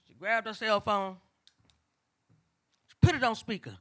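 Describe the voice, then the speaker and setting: On stage before a live audience, an older woman tells a family story in a casual, conversational way, animatedly acting out her relatives' voices. Her voice is fairly high, her pace measured, and she leaves long pauses.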